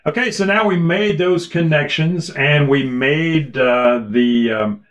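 A man's voice: fairly high pitch, takes it slowly, fairly bright tone, lo-fi sound. A man walking through a conference audio setup in a casual, chatty way, with fillers and restarts, heard through a ceiling array microphone. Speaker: product demo presenter. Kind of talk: casual product walkthrough. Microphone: ceiling beamforming array mic.

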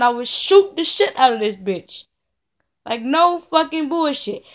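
A woman's voice: sits high, animated, unhurried. A young woman rants furiously into a camera. She swears constantly and circles back to the same complaint over and over. Her talk is an angry, casual vlog vent from her home studio. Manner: profane, ranting, repetitive. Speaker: vlogger. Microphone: camera in front of her.

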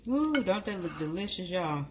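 A cooking vlogger with a lowish, very animated voice talks at a moderate pace over background noise. She gives a casual, chatty cooking demonstration, often correcting herself and addressing her viewers directly.

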